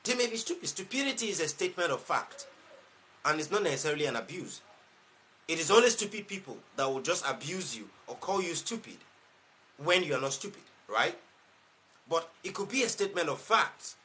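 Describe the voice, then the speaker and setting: Nigerian man, life coach on a live stream, bright and forceful, repeats points and leans on rhetorical questions. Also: on the high side, very animated, fairly quick. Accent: Nigerian English. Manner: emphatic, repeats key phrases, asks rhetorical questions. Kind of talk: motivational live-stream talk.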